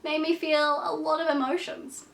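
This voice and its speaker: A woman's voice: sits high, little pitch movement, normal speed, creaky, distant mic. A young woman with a sick, congested voice, chatting casually and emphatically as a book vlogger. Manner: chatty, emphatic, self-deprecating. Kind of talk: casual vlog chat. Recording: echoey room, voice set back from the mic.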